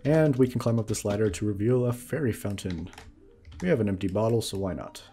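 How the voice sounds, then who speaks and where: A man's voice: fairly low pitch, lively intonation, fairly quick, dark tone, faint music behind. A man giving casual let's-play commentary, chuckling and explaining as he plays. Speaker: gamer.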